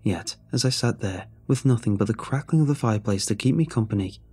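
Husky low-voiced male storyteller. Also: dark tone. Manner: measured, brooding storytelling. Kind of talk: scripted first-person narration. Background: faint music.

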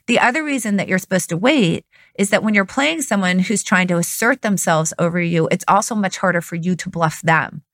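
A woman's voice: fairly low pitch, fairly bright tone, no echo, studio quality. A woman who is a poker expert, explaining strategy step by step in an analytical conversation.

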